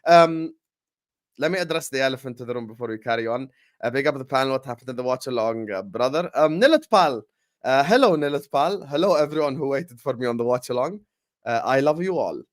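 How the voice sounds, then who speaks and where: A man hosting a football livestream, talking in a hype, energetic way with lots of ums and uhs. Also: medium pitch, fairly quick. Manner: energetic, hype-style announcing with frequent fillers. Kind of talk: casual livestream chat.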